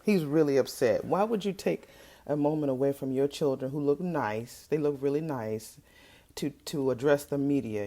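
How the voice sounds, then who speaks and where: A woman giving casual, teasing reaction commentary from a hotel room, sassy and quick to laugh. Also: low voice, dark tone. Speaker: reaction video host.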